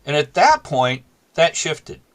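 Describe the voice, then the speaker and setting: A man's voice: on the high side, sing-song, takes it slowly. A man, a former teacher, telling a story from his classroom in an interview and acting out both sides of the conversation. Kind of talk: storytelling in a talk show interview.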